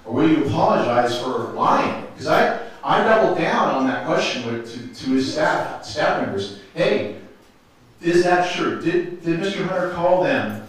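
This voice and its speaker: A man's voice: a little high, big pitch swings, a little slow. A man speaking up at a town hall, accusing the chair and repeating his demands. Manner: confrontational, accusatory, repeats himself. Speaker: resident asking a question. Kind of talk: public comment at a town hall. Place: large indoor meeting hall. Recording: echoey hall, mic far off.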